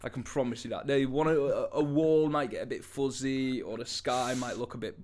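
A young man telling stories in a casual podcast chat, with medium-pitched, everyday delivery. He rambles and restarts, and he is laid-back and full of fillers. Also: steady tone, normal speed, darkish tone, a little hiss or hum. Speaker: podcast co-host.

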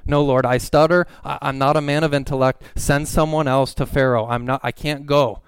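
A man's voice: medium pitch, fairly even intonation, normal speed, clean tone, dry recording, clean studio sound, natural voice. A man voicing a fearful male prophet who stammers and begs to be excused. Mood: pleading. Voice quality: stammering, pleading.

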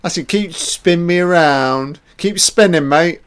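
Slow, sarcastic man. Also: a little high, clear, resonant tone. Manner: sarcastic and profane, laid-back asides. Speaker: film commentator. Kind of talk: casual film commentary.

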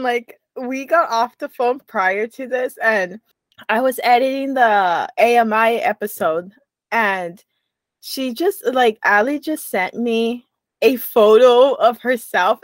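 A young woman co-hosting a podcast tells a rambling story in casual chat, laughing easily along the way. Her voice is fairly high, with no room sound at all.

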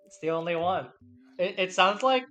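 A man's voice: sits high, expressive, moderate pace, sharp tone. A man co-hosting a podcast, joining the casual chat with crude jokes and short reactions. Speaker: podcast co-host.

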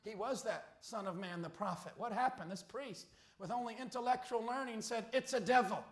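High, bright-voiced preacher shouting in an echoey church. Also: male voice, normal speed. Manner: preaching with rising shouts and rhetorical questions. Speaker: pastor. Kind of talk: fiery sermon. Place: church sanctuary.

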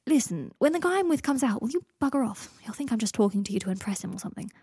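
A woman's voice: on the high side, big pitch swings, fast talker, warm tone, breathy edge, dry recording, studio quality, exaggerated voice. A woman voicing a posh, gloomy young wizard man who talks in a dramatic, sulky way, in a storybook reading. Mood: fretful.

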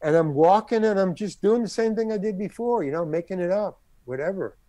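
A man's voice: high voice, a little fast, no room sound, highs cut off. An older man, a guest actor, telling a long anecdote and acting out the other people's lines. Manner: animated, acts out other people's lines in the story. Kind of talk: anecdotal storytelling.

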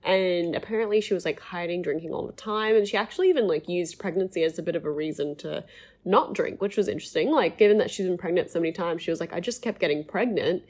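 A woman's voice: lowish voice, quick pace, darkish tone. A woman co-hosting a podcast, chatting casually through a recap with many fillers. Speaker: podcast co-host.

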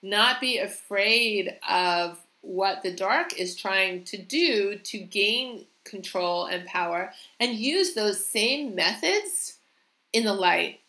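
A woman's voice: medium pitch, lively intonation, slow, sharp tone, roomy sound, poor audio. A woman co-hosting a casual spiritual chat, talking earnestly with frequent restarts and small laughs. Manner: earnest, restarts often, laughs between thoughts. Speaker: co-host.

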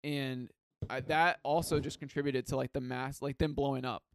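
A man's voice: medium pitch, fairly even intonation, normal speed, clear, resonant tone, no echo, clean studio sound. A man hosting a podcast, chatting casually and eagerly, leaning on "like" as he rambles. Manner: enthusiastic, rambling, says "like" often. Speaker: podcast host. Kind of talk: casual chat.

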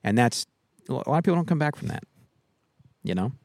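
A man's voice: mid-range voice, expressive, a little fast, darkish tone, dry recording. A man co-hosting a casual podcast, rambling and laughing as he talks. He holds a handheld mic in a backyard, and the sound is dry and close. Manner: rambling, laughing, swearing freely. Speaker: podcast co-host. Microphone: handheld microphone.

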